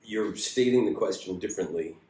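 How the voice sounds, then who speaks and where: A man teaching an acting class in a casual, animated way, swearing freely and acting out the lines he quotes. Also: fairly quick, reverberant. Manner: animated, profane, acts out quoted lines with big pitch jumps.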